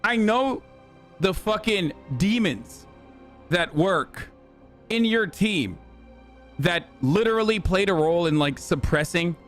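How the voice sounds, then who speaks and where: A male streamer with a high voice rips through profane, exasperated commentary. He talks fast, piling one point onto the next. Faint music runs in the background. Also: animated, fairly bright tone. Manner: rapid, profane, exasperated ranting. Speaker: streamer reacting to news clips. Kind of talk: live reaction commentary.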